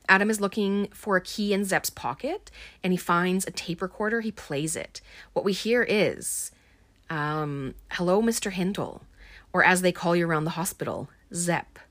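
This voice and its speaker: A woman's voice: fairly low pitch, a bit bright, no room sound. A woman recapping a film in a casual, rambling way, with plenty of ums and likes. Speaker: podcast host recapping a film.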